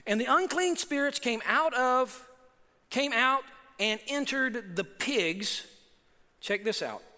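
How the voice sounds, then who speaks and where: A man's voice: extremely high pitch, lively intonation, slow, pushed and bright. A man preaching a sermon as pastor, emphatic, with rhetorical questions and asides to the congregation. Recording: long hall reverb.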